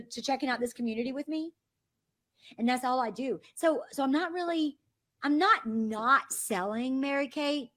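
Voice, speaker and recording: Lively woman running a training. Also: fairly high pitch. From American South. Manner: animated, acts out quoted messages in voices. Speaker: sales trainer. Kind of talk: training call. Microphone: phone or call line.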